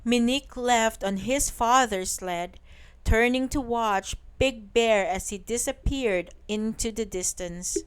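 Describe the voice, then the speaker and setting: Woman narrator for bedtime stories, very slow, smooth and soothing, voice a touch high. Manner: slow, soothing, clearly spoken. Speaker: storyteller. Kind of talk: bedtime story reading.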